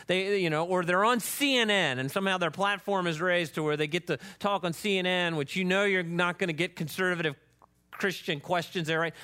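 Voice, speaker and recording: A man preaching a sermon as pastor, emphatic and conversational, checking in with "right?" and reading scripture with rising intensity. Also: high voice. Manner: animated, emphatic preaching with frequent "right?" asides.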